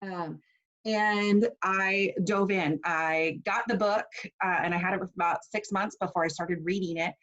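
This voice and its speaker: A woman's voice: mid-range voice, steady tone, a little slow, a bit bright, dull audio. A woman in her forties teaching a casual online class, chatty and personal with plenty of fillers. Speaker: essential oils class teacher.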